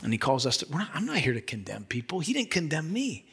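A man's voice: a little high, huge pitch swings, fast, gravelly, fairly bright tone, slightly rough. A man pastor delivering a sermon in an emphatic, conversational way, addressing the listeners with direct questions.

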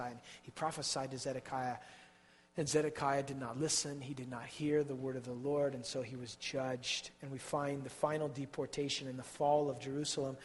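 A man preaching a sermon with passion, swinging from hushed tones to loud outbursts and repeating words as he builds. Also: medium pitch, flat delivery, normal speed. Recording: long hall reverb.

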